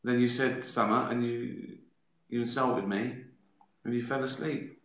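Guy doing a grumpy homeless bloke, swearing and indignant, bright voice, echoey room. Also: mid-range voice, fairly even intonation, a little slow. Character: grumpy homeless man guarding his cave.

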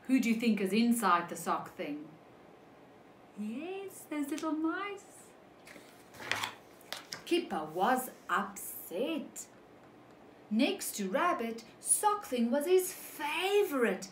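A woman teacher reading a picture book to young children, slow and animated, stopping to ask them questions. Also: fairly high pitch, roomy sound, slight background noise, rough recording. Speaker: preschool teacher.

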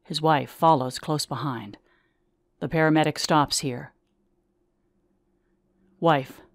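A woman reading her memoir aloud, telling it in measured, vivid first person. The recording is dry and close, with no echo around her voice. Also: deep voice, fairly even intonation.

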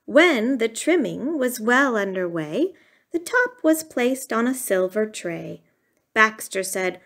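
A woman's voice: mid-range voice, lively intonation, slow pace, fairly bright tone. A woman reading a rhyming bedtime storybook aloud in a sing-song way.

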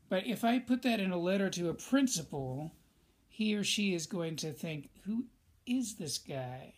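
A male teacher giving a recorded lesson in a conversational way, speaking straight to his students. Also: sits high. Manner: conversational, addresses students directly.

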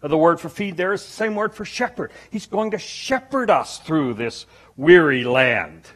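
Male preacher, sermon, slow, husky, animated delivery. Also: fairly high pitch.

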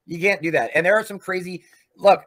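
A man's voice: sits high, brisk, a bit bright. A man hosting a livestream, ranting in a profane, combative way. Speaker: livestream host.

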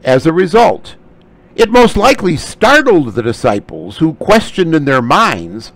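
Man, Bible study teacher, unhurried pace, close dry sound. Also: fairly high pitch, no echo, poor audio. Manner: explains Greek terms closely; slow, animated delivery. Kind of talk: scripture lecture.

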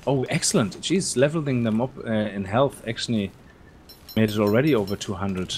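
A man hosting a let's play, chatting casually and explaining game mechanics in a relaxed way. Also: lowish voice, a little fast, a little hiss or hum. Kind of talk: casual gameplay chat.

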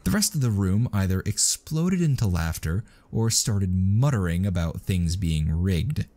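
A man reading a story aloud in a steady, scripted narration. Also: sits low, unhurried.

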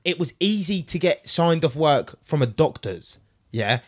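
A man's voice: fairly high pitch, very animated, measured pace. A man hosting a podcast in casual chat, slangy, acting out his own inner talk. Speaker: podcast host.

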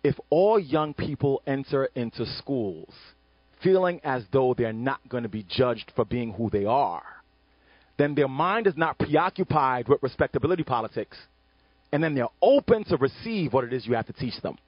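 A man speaking as an author on an education panel, animated and emphatic, often checking in with "right?". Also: mid-range voice, normal speed, slightly rough, no room sound, dull audio. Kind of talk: panel discussion talk.

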